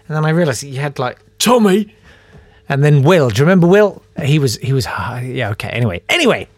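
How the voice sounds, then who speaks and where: A man's voice: mid-range voice, a little fast, no room sound. A man hosting a podcast, telling a story about himself in a casual way and reading out emails from listeners. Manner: animated, self-deprecating, acts out voices in his anecdotes. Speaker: podcast host.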